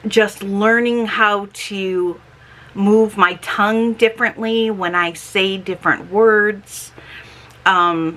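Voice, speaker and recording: A chatty middle-aged woman talks in a casual vlog, her voice bright and forward. She speaks slowly and carefully, and her S sounds come out slightly slurred and lisping from her dentures. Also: mid-range voice. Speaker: homestead vlogger.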